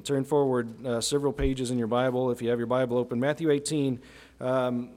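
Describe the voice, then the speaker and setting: A man preaching a sermon in a conversational way, often asking his listeners "right?" as he explains a passage. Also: on the high side. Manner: conversational, asks listeners questions, tag "right?".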